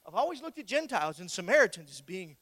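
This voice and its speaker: A preacher voicing a halting, troubled apostle. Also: medium pitch, big pitch swings, a bit bright, no echo, pitched below the performer's own voice. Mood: confessional. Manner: halting, hesitant, repeating himself. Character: apostle Peter, troubled man admitting prejudice.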